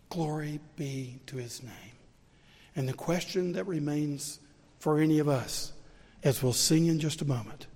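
An older Southern pastor preaches in a slightly high voice, his words ringing out with the long reverb of a big church sanctuary. He tells stories in an easy, conversational way, then builds to emphatic, rising peaks. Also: measured pace, pauses often, darkish tone. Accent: Southern American. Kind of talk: sermon.

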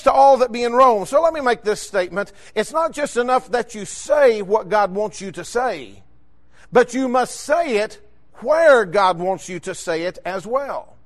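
A man delivers a sermon from the pulpit, recounting a story with emphatic, rhythmic phrasing. His speaking voice sits unusually high for a man. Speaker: preacher.

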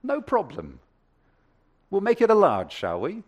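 A woman's voice: medium pitch, wildly swooping pitch, measured pace, slightly rough, highs cut off, pitched above the performer's own voice, heavily acted. A man voicing a friendly woman coffee shop server during a sermon, firm about payment at first and generous later. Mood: cheerful.

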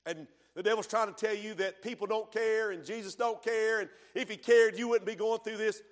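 A man preaching a sermon in church, swinging from hushed tones to shouting. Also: high-pitched, normal speed. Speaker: pastor.

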